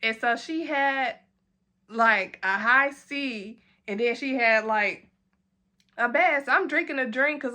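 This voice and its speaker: A young woman, telling a storytime in a casual, animated way, jumping into high voices for quotes and laughing as she goes.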